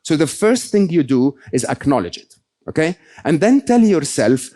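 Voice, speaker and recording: Guy giving a motivational talk on stage, warm mellow voice, keeps asking the crowd "okay?". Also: on the high side, very animated, moderate pace. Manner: conversational, often checks in with "okay?" and "right?". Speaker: keynote speaker. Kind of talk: motivational talk to a live audience.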